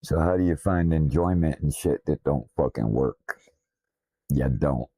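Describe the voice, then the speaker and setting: A man with a Southern drawl, a streamer talking casually in a blunt, profane, self-deprecating way, his deep voice slightly slurred from missing teeth. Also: unhurried, warm tone, dry recording. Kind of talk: casual rambling stream talk. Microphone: desktop streaming mic.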